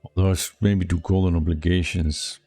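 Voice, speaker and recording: Low gravelly man reading game events. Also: flat delivery, a little fast, dark tone, soft background music. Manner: reads event text with a storyteller lilt, then mutters asides. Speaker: let's play streamer.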